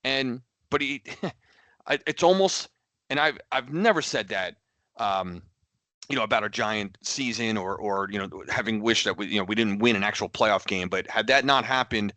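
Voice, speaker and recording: A man's voice: lowish voice, normal speed, sharp tone, no room sound. A man co-hosting a podcast in casual sports chat, rambling and exasperated, with many restarts and repeated words. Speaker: podcast co-host.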